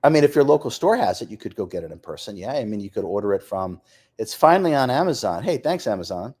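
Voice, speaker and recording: A man's voice: lowish voice, fast talker, slightly rough. A man hosting a live stream, chatting casually and reading viewer comments aloud, laughing often. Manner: lively, reads off places and names, laughs often.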